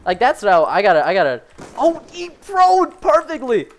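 A young man giving excitable live commentary over his own gameplay, swinging between frustration and excited yelps. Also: very high-pitched, moderate pace. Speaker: gaming commentator.

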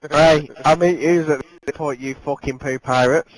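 A man's voice: fairly high pitch, steady tone, normal speed, no echo, low-quality recording. A man on a headset in game party chat, throwing crude joking insults. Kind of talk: casual gaming banter.

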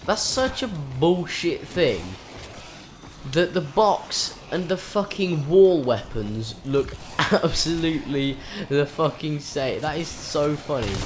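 A man's voice: medium pitch, a little hiss or hum. A man commentating his own game live, swearing often, with frustrated outbursts and panicked yelps. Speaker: gaming channel host.

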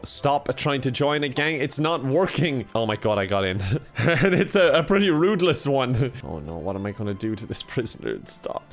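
A young man giving jokey let's-play commentary on a game, laughing often and reacting with exclamations. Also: on the high side. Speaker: gaming YouTuber.

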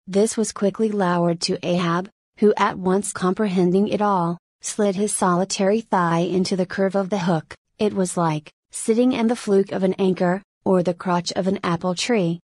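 A woman reading a classic novel aloud as an audiobook, even naming the punctuation marks as she goes. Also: medium pitch, normal speed, hardly any pauses, breathy edge, dry recording. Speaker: audiobook narrator. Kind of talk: scripted narration of a classic novel.

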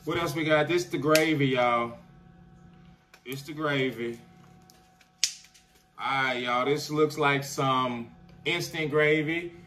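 A man's voice: a little high, slow, long pauses, bright, forceful tone, a little hiss or hum. A man, a chef, chatting his way through a casual food review at home and constantly addressing viewers as "y'all.". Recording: voice a bit far from the mic.

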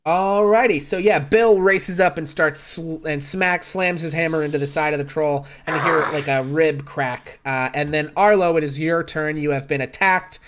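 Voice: medium pitch, normal speed, hardly any pauses, a bit bright, a little hiss or hum. A game master running a streamed tabletop game, upbeat and chatty, tossing in little sound effects. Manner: playful, makes sound effects.

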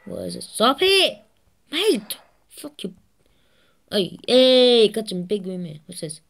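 A woman hosting a gaming channel, giving excitable let's-play commentary, swearing constantly and laughing at herself. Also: mid-range voice, unhurried, creaky.

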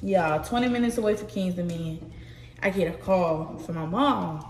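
A young woman tells a personal story to her viewers in a slow, halting way, full of fillers. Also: lowish voice, a little mellow, slight background noise. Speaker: vlogger. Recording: echoey room from a distance, running water.

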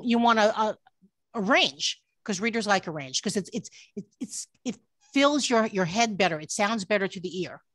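A woman's voice: mid-range voice, a bit bright, dry recording. Earnest woman editor on a video call. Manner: earnest, frequent restarts and "um"s. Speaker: book editor giving a talk. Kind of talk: online workshop presentation. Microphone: computer mic on a video call.

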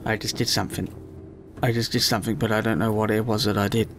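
A man giving chatty, emotional let's play commentary, often squealing up high in excitement. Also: fairly quick, slight background noise.

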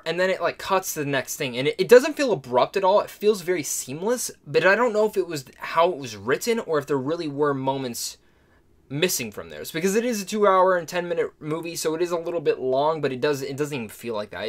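A man's voice: on the high side, fairly bright tone. A man giving a casual spoken film review, enthusiastic and gushing in his praise. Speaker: movie reviewer.

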